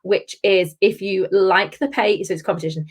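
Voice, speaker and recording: A woman's voice: medium pitch, steady tone, normal speed, breathy edge. A woman hosts a live-stream drinks review from her home, picked up on a laptop or webcam mic. She talks in a gushing, chatty way. She keeps calling out to her viewers by name as she goes. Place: at home, with her children wandering in.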